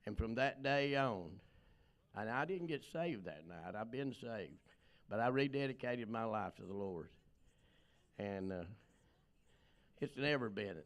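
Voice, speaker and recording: An older man giving a plainspoken, emotional personal testimony at a recovery meeting, rambling with many pauses and fillers. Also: on the low side, creaky.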